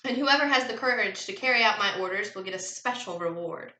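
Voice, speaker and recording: Storybook villain: loud, commanding, cruel count, voiced by a woman reader. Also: medium pitch, brisk, roomy sound, close to an everyday voice, low-quality recording. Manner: roaring, commanding.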